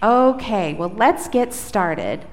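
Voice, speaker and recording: A woman pastor leading a prayer, then telling a story to children in an animated, coaxing way. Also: sits high, slow pace. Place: church sanctuary. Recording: echoey church hall, faint noise.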